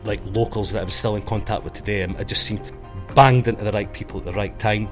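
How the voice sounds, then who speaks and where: A middle-aged Scottish man with a Scottish accent chats as a guest in a casual interview, telling rambling stories and correcting himself as he goes. He talks fast in a lowish, steady voice, with faint music playing behind him.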